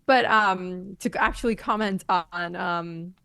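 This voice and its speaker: A woman co-hosting a podcast in casual chat about a TV series, thoughtful and animated, laughing often. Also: fairly low pitch, slow, gravelly, clean tone, dry recording, clean studio sound. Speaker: podcast co-host.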